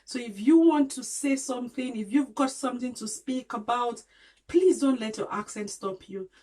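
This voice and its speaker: A woman's voice: a little high, normal speed, dark tone, low-quality recording. A woman vlogger giving an earnest, encouraging talk to camera, loosely spoken with restarts and small grammar slips, repeating her points for emphasis.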